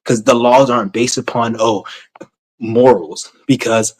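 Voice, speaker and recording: A man's voice: medium pitch, steady tone, unhurried, poor audio. A man ranting to his camera in a blunt, rambling, heavily profane way, repeating himself as he goes. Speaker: vlogger.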